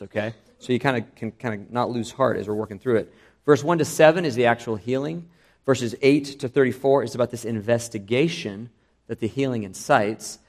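A middle-aged man preaching a sermon, earnest and conversational, checking in with the congregation before reading scripture aloud. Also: mid-range voice. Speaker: pastor.

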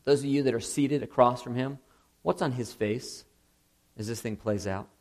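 A man preaching a sermon in a casual, conversational way. He keeps checking in with the audience with "okay?" and "right?" and sometimes jumps into high, emphatic bursts. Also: normal speed, a little mellow. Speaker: pastor.

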